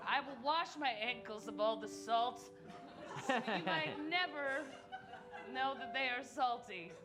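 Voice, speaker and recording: A high-voiced woman reads out an improvised love letter in a slow, mock-tender way. Music plays clearly under her voice on a live stage. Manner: mock-romantic, deadpan, often laughing. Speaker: improv performer.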